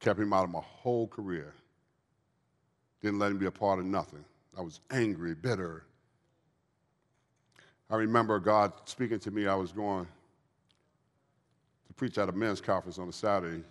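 A man's voice: moderate pace, long pauses. Man in his fifties preaching in a hall. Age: 50s. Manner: low, quiet storytelling that swells into fervent exhortation. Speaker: guest speaker giving a testimony. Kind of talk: preaching testimony to a live audience. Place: large hall with an audience. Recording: long hall reverb.

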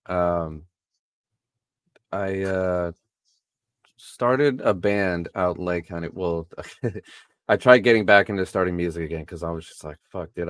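A man's voice: deep voice, clear, resonant tone, dry recording, clean studio sound. A laid-back man, a guest musician, talking casually with filler words and swearing. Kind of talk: casual chat.

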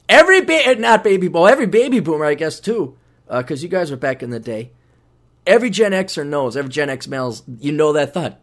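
A man hosting a podcast in a rambling, casual monologue, swearing freely and acting out quick voices as he talks. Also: sits high. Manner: rambling, profane, animated, acts out voices. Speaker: podcast host. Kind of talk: casual monologue plugging books.

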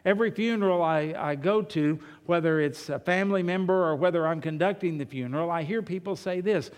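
A man's voice: fairly high pitch, brisk, clear, resonant tone. A male pastor preaching a sermon in a church, talking conversationally, asking rhetorical questions and telling humorous anecdotes. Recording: long reverb of a large hall.

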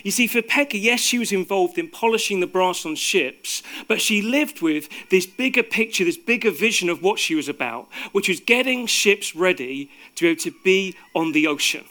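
A man telling a story to an audience, with hesitant fillers, dropping soft for suspense. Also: high-pitched, expressive, normal speed, hardly any pauses. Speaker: speaker. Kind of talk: storytelling talk.

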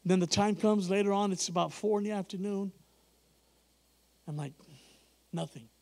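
A man's voice: high voice, moderate pace. A man preaching a sermon, telling a story with acted-out dialogue and frequent laughter. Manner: animated, acts out dialogue, laughs often.

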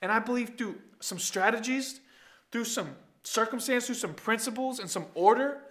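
A male pastor giving an emphatic sermon, dropping low for quiet points and rising into loud calls to the congregation. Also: moderate pace. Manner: emphatic preaching, swings from soft asides to loud calls; talks straight to the congregation.

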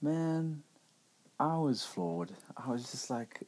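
A man's voice: mid-range voice, sing-song, slow, a little mellow, husky. A middle-aged man hosting a podcast, talking candidly and reflectively in a conversational way with many restarts. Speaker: podcast host. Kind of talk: reflective personal monologue.

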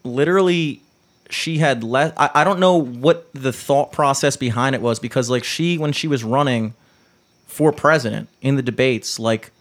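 A young man co-hosting a casual chat, ranting in an animated way with frequent swearing and quick bursts of speech. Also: mid-range voice. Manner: animated, swearing, fast rants.

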